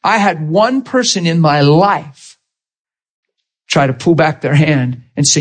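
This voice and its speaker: Husky-voiced man preaching a story. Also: on the high side, a little slow. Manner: storytelling, quoting both sides of conversations. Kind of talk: sermon with acted-out stories.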